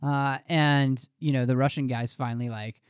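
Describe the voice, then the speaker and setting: A man co-hosting a casual film podcast, talking in an animated, jokey way with many restarts and fillers. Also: mid-range voice, moderate pace, smooth, no echo, studio quality. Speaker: podcast co-host.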